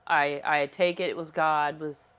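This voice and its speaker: A woman's voice: deep voice, little pitch movement, unhurried, fairly bright tone, clear, resonant tone. A woman hosting an interview, encouraging her guest and sounding emotional. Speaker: host. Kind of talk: casual interview.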